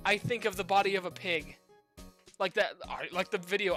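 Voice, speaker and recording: Giggly woman streamer with a bright voice. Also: mid-range voice, fast, soft background music. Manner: giggly, offhand asides. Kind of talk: casual game reading stream.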